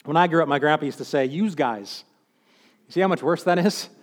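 Male preacher, high voice, chatty sermon with wry asides; long hall reverb. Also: very fast. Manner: conversational, with joking asides.

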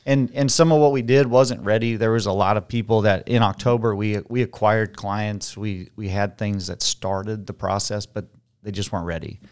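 Man, fairly low voice, real estate agent guest, candid, animated. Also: moderate pace, smooth. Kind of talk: casual interview chat.

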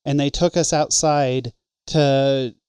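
A man's voice: medium pitch, fairly even intonation, slow pace, a little mellow, clean tone, no room sound. A man in casual chat, telling a joking, profane story and quoting people in it. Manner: swearing, joking, quotes people in his stories.

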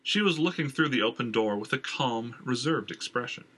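A man's voice: medium pitch, animated, normal speed, a bit bright, breathy edge. A man narrating a fantasy novel aloud in a casual read, dropping in filler ums. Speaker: audiobook reader. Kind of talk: fiction narration.

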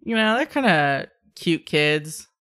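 A woman with a lowish voice narrates a tabletop scene as game master. She talks loosely, with a lot of fillers. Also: big pitch swings, slow, a bit bright. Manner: casual, filler-heavy narration.

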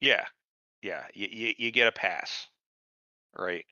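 A man's voice: on the low side, slow, pushed and bright, clean tone, no room sound. A man co-hosting a casual podcast, ranting heatedly and sarcastically, swearing freely and acting out characters as he goes. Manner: heated, sarcastic, acts out characters mid-rant. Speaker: podcast co-host. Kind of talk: casual profane chat reviewing a show. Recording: dull lo-fi sound, dry.

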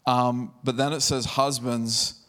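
A man's voice: mid-range voice, flat delivery, takes it slowly, a bit bright. Man preaching in a conversational way. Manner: conversational preaching with scripture reading. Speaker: pastor. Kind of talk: sermon.

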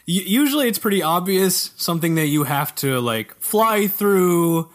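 A man co-hosting a casual gaming podcast, explaining game mechanics and trading quick jokes with the others. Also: high-pitched, expressive. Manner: joking, quick banter. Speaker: podcast co-host.

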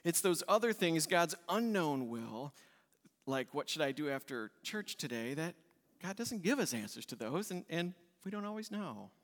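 Pastor guy preaching, kinda high voice, lots of hall echo, leans hard on repeated words. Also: big pitch swings, moderate pace, fairly bright tone. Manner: emphatic, repeats key words in lists. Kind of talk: sermon. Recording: long reverb in a church hall.

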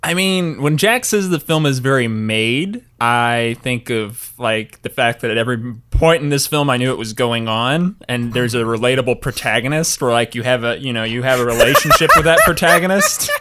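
A man's voice: mid-range voice, sing-song, moderate pace, hardly any pauses, pushed and bright. A man co-hosting a podcast in casual film review chat, making his case in a thoughtful way. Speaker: podcast co-host.

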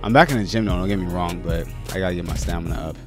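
A man's voice: sits low, rapid-fire, soft background music. A man hosting a Christian podcast, out of breath after running up stairs, chatting casually and correcting his own slips. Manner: energetic, rambling, self-correcting. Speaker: podcast host. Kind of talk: casual chat.

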